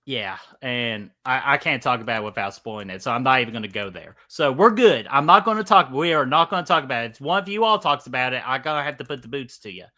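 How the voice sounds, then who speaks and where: A man's voice: medium pitch, animated, fast, hardly any pauses, sharp tone. A man with a Southern US accent hosting a casual live stream, greeting chat by name, laughing and swearing casually.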